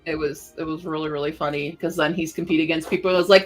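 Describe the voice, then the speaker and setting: A woman's voice: fairly low pitch, fairly even intonation, normal speed, pauses often, a bit bright, faint music behind. A woman chatting casually on a writing livestream at home, gushing and giggly. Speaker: writing streamer.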